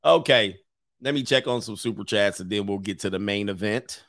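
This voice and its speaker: Laughing streamer, dry close mic. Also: male voice, lowish voice, brisk, dry recording. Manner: loud, laughing, mocking impressions. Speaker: streamer reacting to videos. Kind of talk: casual reaction commentary.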